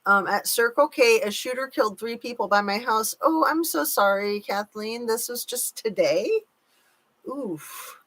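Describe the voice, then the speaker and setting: A woman's voice: a little high, lively intonation, a little slow, fairly bright tone. A woman hosting a casual live chat, reading viewer comments aloud and hedging her points with care. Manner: chatty, reads comments aloud, cautious with hedging.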